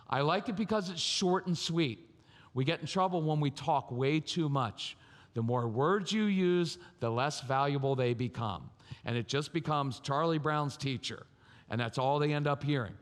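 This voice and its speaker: A man giving a live parenting talk at a conference, animated, acting out parents' voices. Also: a little high, moderate pace. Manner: animated, acts out yelling and sweet parent voices. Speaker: parenting speaker. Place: large church hall. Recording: reverberant hall.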